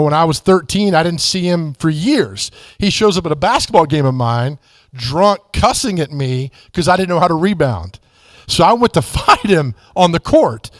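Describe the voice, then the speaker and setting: A man's voice: a little high, dry recording, studio quality. A middle-aged man, telling a personal story in a conversational, rambling way at a church. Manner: conversational, many asides and restarts. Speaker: guest speaker at church. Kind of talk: storytelling testimony.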